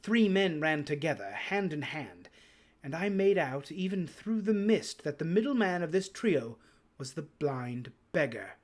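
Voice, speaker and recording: A man reads a classic adventure novel aloud in a theatrical way. His voice sits slightly high and swings widely as he takes his time over every line. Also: very animated. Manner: theatrical, unhurried storytelling. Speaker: reader.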